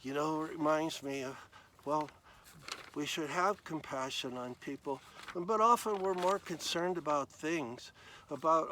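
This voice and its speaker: Man, folksy devotional talk, conversational, clears throat, slightly high voice, faint vehicle noise. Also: unhurried, pushed and bright, rough recording. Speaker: devotional speaker. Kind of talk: folksy Bible storytelling devotional.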